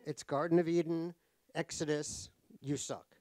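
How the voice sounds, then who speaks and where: A man's voice: a little high, fairly even intonation, a little slow, mellow, no echo. A middle-aged American man from New York, speaking as an author at a live talk, joking wryly at his own expense with many restarts. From New York, USA. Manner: wry and joking, self-mocking, many restarts. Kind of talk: casual conversation on stage. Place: cultural center event hall.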